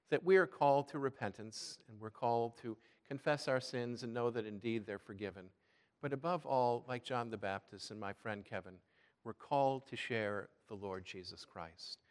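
A middle-aged man from the Chicago area, an Episcopal priest giving a sermon in a church, telling a personal story in a relaxed way with fillers and repeated words. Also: lowish voice, big-room sound.

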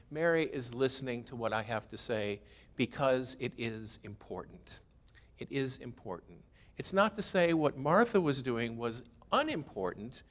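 A man gives a sermon in a relaxed, chatty manner, tossing rhetorical questions at the listeners. His mid-range voice trails a long reverb, as in a large church. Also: medium pitch. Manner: conversational, rhetorical questions, self-deprecating humor. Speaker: pastor.

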